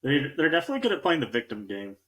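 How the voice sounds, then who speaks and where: A man's voice: medium pitch, very animated, very fast, fairly bright tone. A man co-hosting a casual sports podcast. He rambles in a laid-back way and laughs easily. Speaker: podcast co-host.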